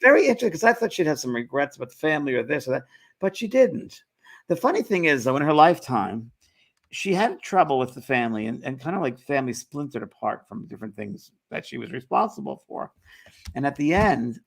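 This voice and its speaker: Gravelly-voiced man telling a story. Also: mid-range voice. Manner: animated storytelling, quotes others with quick voice shifts. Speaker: host. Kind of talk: casual chat.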